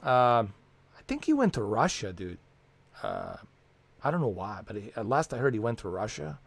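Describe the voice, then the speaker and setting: A man's voice: lowish voice, huge pitch swings, moderate pace, vocal fry, slightly rough. A man hosting a casual livestream from home, rambling and swearing with lots of fillers. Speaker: livestream host.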